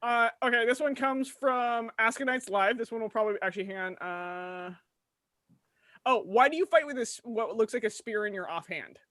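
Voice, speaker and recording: A woman host running a late-night live stream, reading out viewer questions one after another. She talks in a brisk, businesslike way, and her voice sounds dry and close to the mic. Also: a little high, a bit bright, no echo. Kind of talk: casual live-stream chat.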